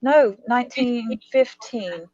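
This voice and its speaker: A woman from the United States hosting a casual live stream chat, curious and quick to laugh. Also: a little high, a little mellow, dry recording, lo-fi sound. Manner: curious, laughs easily, thinks aloud. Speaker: host.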